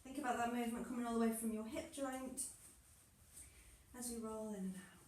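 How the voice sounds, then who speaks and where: A woman's voice: on the high side, a little fast, a little mellow, a little hiss or hum. A woman instructor guiding a movement class, encouraging and playful, often laughing through the moves. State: a little out of breath. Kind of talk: guided exercise class instruction. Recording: echoey room, mic far off.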